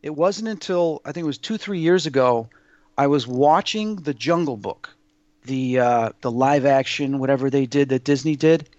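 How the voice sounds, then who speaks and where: A man's voice: medium pitch, moderate pace, a little mellow, no room sound, dull audio. A man telling personal stories in a casual interview, earnest and rambling, with many fillers and restarts. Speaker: guest sharing personal experiences. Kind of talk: casual spoken storytelling.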